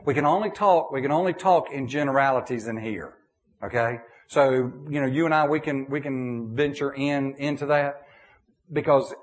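A middle-aged man preaching a sermon in a folksy, animated way, checking in with his listeners and answering their questions. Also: medium pitch. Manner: animated, folksy, many restarts and "okay?" checks.

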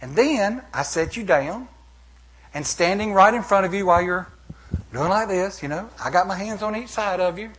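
A middle-aged man preaching a sermon as pastor, animated, with playful asides and acted-out quotes. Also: sits high, moderate pace, slightly rough.

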